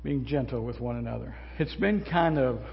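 A man's voice: medium pitch, normal speed, vocal fry. An older man, a pastor, preaching a sermon in a folksy, conversational way, often asking the congregation questions. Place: church sanctuary. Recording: muffled sound in a large reverberant hall.

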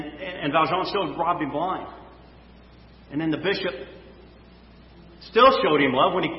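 A male pastor preaching a sermon, reading scripture and then talking loosely to his congregation. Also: on the high side. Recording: echoey hall, dull sound, faint noise.

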